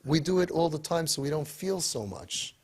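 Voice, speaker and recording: A man giving an animated motivational talk to parents, full of rhetorical questions. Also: on the high side, normal speed, slightly rough. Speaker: speaker to parents.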